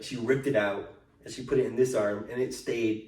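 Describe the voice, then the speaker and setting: A man's voice: mid-range voice, a little fast. A young man tells loose, profanity-laced stories from his childhood and acts out the people in them as he goes. He sits back from the mic, so he sounds a little distant. The room is bare and echoey. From United States. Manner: animated storytelling, swears freely, acts out quoted people. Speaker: podcast host. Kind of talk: casual chat.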